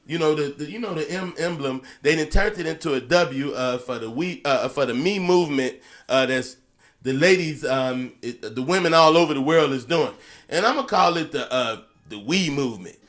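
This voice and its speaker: Profane rambling comedian doing mock news. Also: male voice, fairly high pitch, animated, moderate pace, fairly bright tone. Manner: rambling, profane, lots of "uh" fillers, chuckles between lines. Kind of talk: improvised comic news monologue. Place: Las Vegas.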